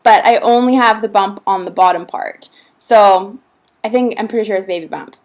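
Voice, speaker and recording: A woman's voice: medium pitch, moderate pace, a little mellow. A young pregnant woman from Canada chatting casually to the camera in a vlog, rambling with lots of fillers and frequent laughs. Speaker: vlogger.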